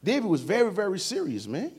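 Preaching at a church service, a man talks fast in a high, breathy voice with enormous swings in pitch. His delivery is informal and emotional, ranging from hushed tenderness to loud exhortations, with joking asides mixed in.

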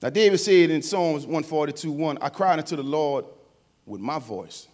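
A male preacher with a slightly high voice delivers a sermon at a church service. He moves from hushed, tender passages to loud, rising calls to the congregation. He drops in playful, informal asides along the way. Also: moderate pace. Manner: emotional, swings between quiet and loud, calls out to the congregation.

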